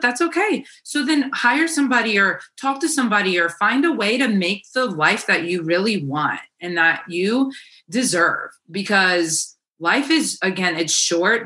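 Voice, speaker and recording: A woman's voice: mid-range voice, pushed and bright. A woman speaking as a guest life coach in a casual podcast chat, emphatic and encouraging, blunt and unafraid to swear.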